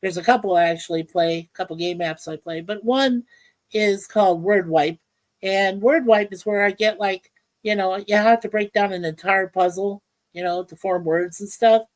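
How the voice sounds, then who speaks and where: A woman hosts a casual livestream from home. She rambles in halting phrases full of fillers and greets chat viewers by name. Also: medium pitch, low-quality recording. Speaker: livestream host. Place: home in Ontario, Canada.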